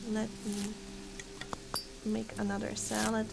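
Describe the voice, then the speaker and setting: A woman's voice: medium pitch, monotone, slow, very noisy. A woman streaming a game, chatting casually and thinking aloud with frequent giggles. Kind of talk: casual gameplay commentary. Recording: clear game music underneath. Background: game music.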